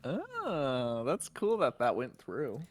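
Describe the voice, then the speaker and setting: A man co-hosting a casual podcast over a voice call, easygoing and quick to laugh. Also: medium pitch, wildly swooping pitch. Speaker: podcast co-host. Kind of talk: casual chat. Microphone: remote call mic.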